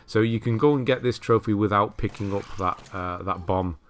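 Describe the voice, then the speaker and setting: A man giving relaxed, chatty commentary over a game walkthrough, laughing at himself and correcting his own words. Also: lowish voice, moderate pace. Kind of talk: casual gameplay commentary.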